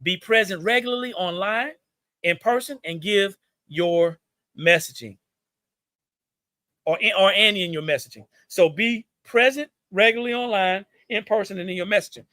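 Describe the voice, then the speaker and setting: A man with a Southern US accent gives folksy, preachy business advice on a live stream, repeating his points and calling his viewers y'all. His voice sits high for a man and rings bright. The room sounds dry and close. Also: normal speed, no room sound.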